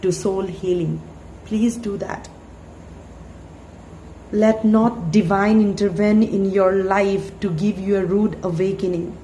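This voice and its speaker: A woman's voice: mid-range voice, fairly even intonation, mellow. Echoey-voiced woman giving a tarot reading. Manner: earnest, halting, many fillers. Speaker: tarot reader. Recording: echoey room, faint hiss.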